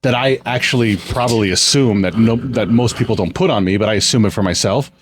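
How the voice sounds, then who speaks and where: A man's voice: fairly low pitch, fairly quick, slight background noise. A man in his forties, co-hosting a casual chat, talking candidly and reflectively about himself. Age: 40s. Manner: candid, self-deprecating and reflective. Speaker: podcast co-host running the family business.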